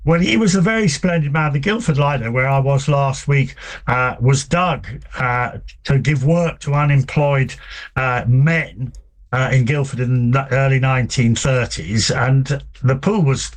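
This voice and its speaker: Hesitant English man chatting on radio. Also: mid-range voice. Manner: hesitant, with many ums and restarts. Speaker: author and guest. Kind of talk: relaxed radio conversation.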